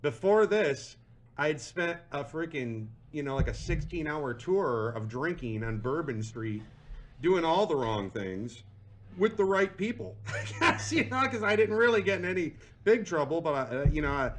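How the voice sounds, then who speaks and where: A young adult man hosting a podcast, chatting in an animated, laughing, self-deprecating way. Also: a little high, moderate pace. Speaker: podcast host. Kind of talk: casual chat.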